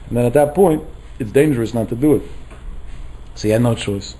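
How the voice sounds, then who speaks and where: A man giving a Torah lecture as a rabbi, telling a story in an animated way and mixing Hebrew terms into his English. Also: mid-range voice, fairly quick, long pauses, poor audio.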